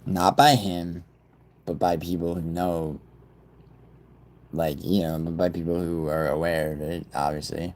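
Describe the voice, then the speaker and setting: A man's voice: deep voice, level tone, unhurried, long pauses, darkish tone. A man hosting a livestream in a rambling, profane way, talking straight to his chat. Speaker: livestream host. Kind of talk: casual livestream chat with viewers.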